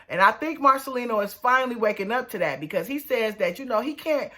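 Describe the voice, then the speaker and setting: A woman giving a casual, animated review of a reality TV episode, talking in a colloquial, exclaiming way. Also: a little high, fast talker. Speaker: reality TV recap vlogger.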